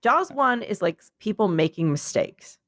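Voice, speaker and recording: An American podcast co-host, tired and sleepy, rambles playfully through a story at a moderate pace, her mid-range voice sing-song and a bit bright. She acts out quotes in silly voices, keeping things casual and comedic, and the recording is close and dry with no room sound.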